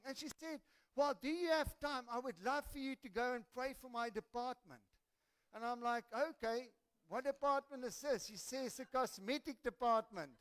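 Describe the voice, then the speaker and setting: A man telling a lively testimony as a preacher in a church sermon, building to excited shouts. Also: extremely high pitch, moderate pace, clear, resonant tone. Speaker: pastor.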